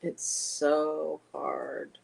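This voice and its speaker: Soft-spoken woman chatting on a live stream. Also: sits low, drawn-out words, gravelly, rough recording. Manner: soft-spoken, gentle, laughs often. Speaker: oracle card reader and spiritual guide. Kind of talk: casual live-stream chat.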